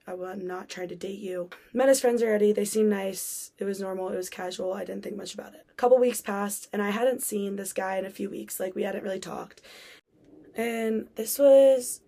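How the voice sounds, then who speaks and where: A woman's voice: mid-range voice, creaky, dark tone. A young woman hosting a podcast, telling a personal story in a chatty way with many fillers and acted-out quotes. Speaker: podcast host.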